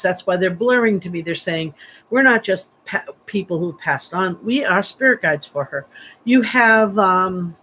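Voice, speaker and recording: A woman's voice: medium pitch, a bit bright, a little hiss or hum, rough recording. A woman giving a psychic reading on a livestream, rambling and chatty with many fillers and restarts, sleepy and yawning. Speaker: psychic medium.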